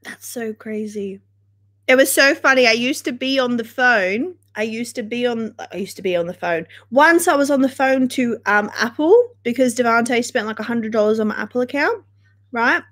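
A woman's voice: on the high side, animated, moderate pace, a bit bright. A young woman hosting a casual livestream, chatting in a chatty, dramatic way and swearing freely. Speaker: livestream host.

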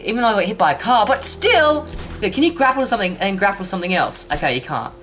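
An excitable woman, gushing and squealing over a let's play. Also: mid-range voice, fast. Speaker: gaming channel host.

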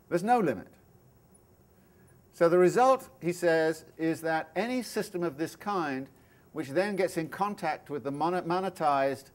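A male professor giving a university lecture, explaining ideas in a thoughtful, step-by-step way, with asides and restarts. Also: a little high. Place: lecture room.

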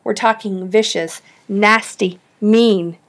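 A woman's voice: mid-range voice, fairly even intonation, slow. A woman reading an audiobook, voicing a scheming, persuasive schoolboy. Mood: eager. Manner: eager and persuasive.

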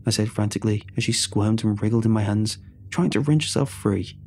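A man with a lowish voice reads a scripted horror story, measured and tense. A faint hum runs underneath his voice. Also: darkish tone.

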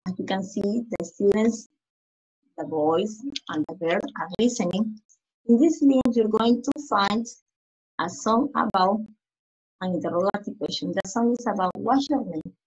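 Slow husky-voiced woman teaching English. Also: medium pitch, darkish tone. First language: Spanish. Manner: slow, repeats phrases for young learners. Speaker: primary school English teacher. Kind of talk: slide-by-slide lesson explanation. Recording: dull lo-fi recording.

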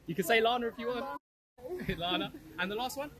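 An upbeat man fires quick questions at strangers on the street. His voice is high and bouncy, he talks fast, and a crowd hums behind him. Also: lively intonation. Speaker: street interviewer. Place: busy outdoor street.

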